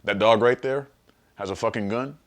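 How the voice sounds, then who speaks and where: A man's voice: fairly low pitch, moderate pace, pitched above the performer's own voice, natural voice. A man doing a joking impression of a former president, urging the listener on with profane, persuasive insistence. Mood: urgent. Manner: urgent, persuasive, profane pep talk. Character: mock Barack Obama, a smooth, persuasive male ex-president.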